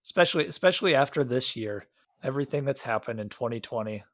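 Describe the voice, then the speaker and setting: A man's voice: mid-range voice, lively intonation, fast, dry recording, clean studio sound. A man from Iowa co-hosting a podcast, chatting casually about a movie with many fillers and restarts. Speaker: podcast co-host.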